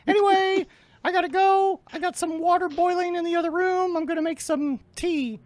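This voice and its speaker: A high, bright voice of a punning, giggling woman named Dorothy, as a woman puts her on. She fires off jokes in quick bursts, close and dry to the mic with no room sound. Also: steady tone, no echo. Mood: jokey. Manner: rapid pun-heavy jokes, giggly.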